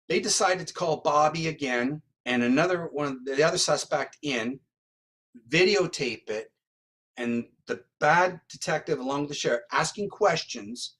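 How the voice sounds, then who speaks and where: Man telling an animated story. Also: a little high, breathy edge. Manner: animated retelling, tags lines with "right?". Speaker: guest, psychic medium and criminal profiler. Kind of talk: storytelling in an interview.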